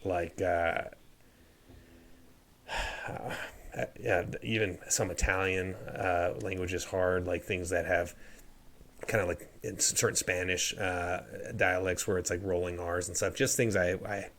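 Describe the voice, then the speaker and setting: A man's voice: deep voice, level tone, measured pace, a bit bright, a little hiss or hum. A young man co-hosting a casual podcast, speaking hesitantly with many fillers. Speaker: podcast co-host.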